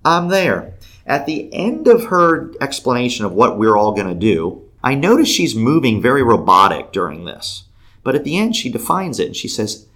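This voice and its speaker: A man telling a faith story in an animated way, acting out the quoted people with big jumps in pitch and laughing between lines. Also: normal speed.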